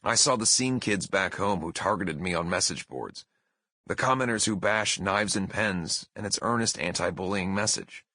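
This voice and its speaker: A man in his thirties reading his own memoir aloud as an audiobook, with expressive, emphatic storytelling. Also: on the low side, husky, dry recording. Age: 30s. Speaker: author narrating his memoir. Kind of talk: audiobook narration.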